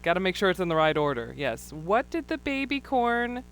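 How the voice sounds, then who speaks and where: A woman's voice: fairly low pitch, big pitch swings, normal speed, a little hiss or hum. A woman streaming live who chats casually, laughs often and reads viewers' messages aloud. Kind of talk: casual livestream chat.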